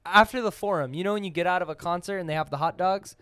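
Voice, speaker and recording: A young man hosting a podcast, telling a story in a casual, animated way full of "like" and acted-out voices. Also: high-pitched, fast, smooth. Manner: animated, full of "like", acts out voices in his stories. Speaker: podcast host.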